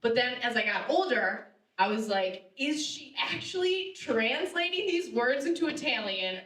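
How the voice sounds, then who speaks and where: High, bright young woman doing stand-up. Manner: animated, laughs at own jokes, loud punchlines. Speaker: stand-up comedian. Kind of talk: stand-up comedy set. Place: live theater stage. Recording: roomy theater sound, distant mic.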